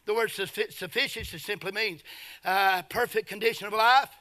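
A middle-aged man preaches a fervent sermon. His voice sits high and rings sharp and bright. He swings between quiet, intimate storytelling and shouted praise. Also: steady tone, normal speed. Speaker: pastor.

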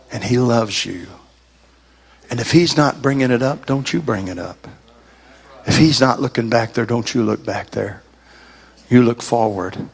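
A man preaching a sermon in church, telling a folksy story and building to shouted fervor. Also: medium pitch, gravelly. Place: church service.

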